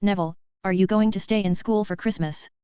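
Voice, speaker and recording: A woman's voice: mid-range voice, steady tone, fairly quick, dark tone, clear, resonant tone, no echo, close to an everyday voice. Woman reading a teasing, easygoing male professor. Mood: wry. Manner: easy and wry. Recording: dull, dry lo-fi audio.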